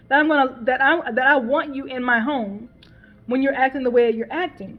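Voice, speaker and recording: A woman's voice: high voice, normal speed. A woman talking as a mother in a casual personal vlog, emotional and repetitive, swearing and laughing bitterly as she talks things through. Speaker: mother venting on her channel. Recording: dull lo-fi sound.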